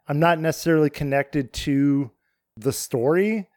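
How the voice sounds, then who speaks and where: A man's voice: fairly high pitch, measured pace, darkish tone, dry recording, studio quality. A man co-hosting a film podcast in casual chat, enthusiastic and swearing freely. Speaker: podcast co-host.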